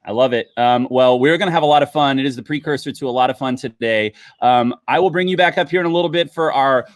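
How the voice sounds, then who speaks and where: A man's voice: medium pitch, quick pace, few pauses, no room sound. Upbeat man hosting a live wine tasting. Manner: chatty, upbeat, talks to viewers. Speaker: livestream host.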